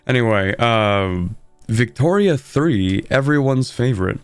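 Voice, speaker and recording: A man's voice: mid-range voice, animated, a little slow, clear, resonant tone, dry recording, soft background music. A young man streaming a strategy game, talking casually in a sleepy, rambling way while he explains his moves. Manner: sleepy, rambling, self-deprecating.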